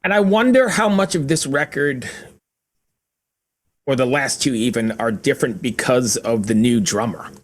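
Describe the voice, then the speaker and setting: A man's voice: mid-range voice, moderate pace. An older man with a New York accent co-hosting a music review podcast, leading the talk in an easygoing, conversational way. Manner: easygoing, conversational, leads the discussion. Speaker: podcast co-host reviewing albums. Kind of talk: casual chat.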